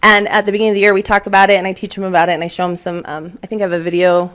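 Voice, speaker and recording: A woman's voice: medium pitch, flat delivery, rapid-fire. A woman in her forties, a teacher giving a chatty conference talk full of fillers and laughter. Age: 40s. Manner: chatty and warm, laughs often, lots of fillers. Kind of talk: conference presentation.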